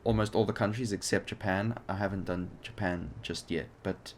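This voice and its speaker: The gameplay commentary comes from a young man with a low-pitched voice, steady in tone and moderate in pace. Hosting his gaming channel, he rambles hesitantly over flight game footage with many fillers, and background game noise plays.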